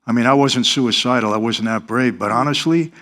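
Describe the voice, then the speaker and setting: A man's voice: mid-range voice, a little fast, a bit bright. A middle-aged man, telling his life story in earnest, confessional style as an interview guest. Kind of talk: interview testimony.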